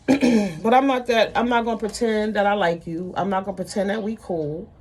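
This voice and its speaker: A woman's voice: medium pitch, fairly even intonation, moderate pace, a little mellow, breathy edge. A woman ranting bluntly to her viewers in an unscripted vlog, with heavy profanity, emphatic repetition. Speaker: vlogger.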